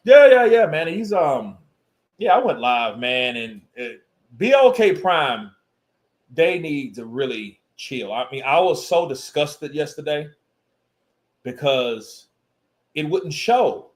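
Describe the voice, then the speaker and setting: Lively, joking man on a livestream. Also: a little high, takes it slowly. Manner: loose, joking, laughs often, mimics punch sounds. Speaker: live stream host. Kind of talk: casual boxing chat on a livestream.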